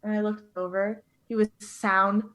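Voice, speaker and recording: A woman guest on a podcast, a dog trainer, telling stories in an animated, heartfelt way. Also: medium pitch, unhurried. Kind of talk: casual conversational interview.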